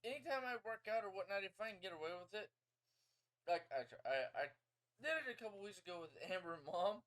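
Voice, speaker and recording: A man's voice: sits high, lively intonation, quick pace, a bit bright. A man co-hosting a podcast, chatting casually and joking boastfully, swinging his voice up and down. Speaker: podcast co-host. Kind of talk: casual chat.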